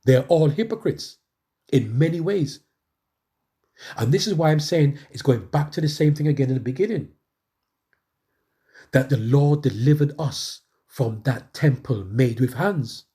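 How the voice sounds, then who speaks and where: A man's voice: a little high, dark tone. A middle-aged man preaching a testimony sermon, conversational and emphatic, repeating phrases for emphasis.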